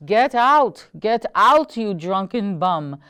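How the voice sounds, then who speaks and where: Woman putting on a gravelly old German lady. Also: fairly low pitch, lively intonation, extremely slow, darkish tone. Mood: bellowing. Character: gruff older German woman neighbor, moody.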